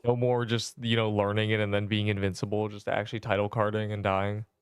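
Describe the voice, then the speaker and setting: A man's voice: lowish voice, level tone, brisk, clean tone, dry recording, studio quality, faint music behind. Young man streaming, joking and slangy. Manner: joking, mock-dramatic outbursts, slangy. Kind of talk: casual livestream chat while gaming.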